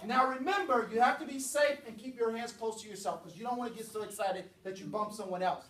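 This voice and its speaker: A man, a children's author, reading aloud to a classroom of young kids, playful and lively, leading call-and-response. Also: very high-pitched, fast. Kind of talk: animated classroom read-aloud. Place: classroom, indoors. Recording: echoey classroom heard from far off.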